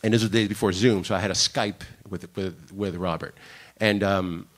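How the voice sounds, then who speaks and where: Low-voiced and speaking at normal speed, the Miami director, a guest on a conference panel, animatedly relates career anecdotes in a conference room, acting out other people's quoted lines.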